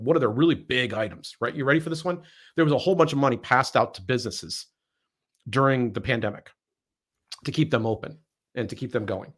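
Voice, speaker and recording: A man's voice: mid-range voice, fairly bright tone, husky. A man hosting a political podcast, sarcastic and emphatic, often repeating words as he builds a point. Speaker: podcast host. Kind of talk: political commentary chat.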